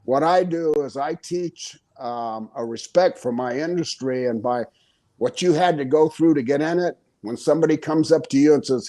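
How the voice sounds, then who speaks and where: An older man who is a guest on an interview podcast, telling stories in a casual, animated way, chuckling often and acting out the quoted voices. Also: a little high, moderate pace. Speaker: interview guest, retired pro wrestler.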